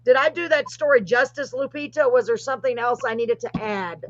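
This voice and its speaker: A woman hosting a live streamed paranormal talk show over a video call, chatty and gushing, quick to apologize. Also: fairly high pitch, no room sound, highs cut off. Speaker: host.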